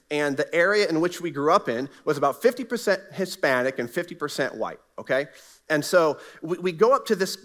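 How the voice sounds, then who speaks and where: A man's voice: on the high side, a bit bright. A middle-aged man preaching a sermon as a pastor, telling a personal story in an earnest, conversational way. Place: church sanctuary.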